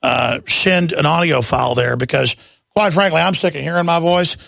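A middle-aged man hosting a talk radio show, with a raspy, blown-out voice, talking in a wound-up, jabbering way. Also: fairly high pitch, moderate pace, fairly bright tone, dry recording, studio quality. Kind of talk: fast rambling talk radio monologue.

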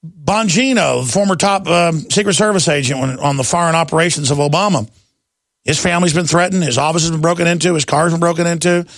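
A man's voice: fairly high pitch, quick pace, a bit bright, dry recording, studio quality. A man hosting a talk radio show, delivering an emphatic, indignant monologue and calling his listeners "folks".

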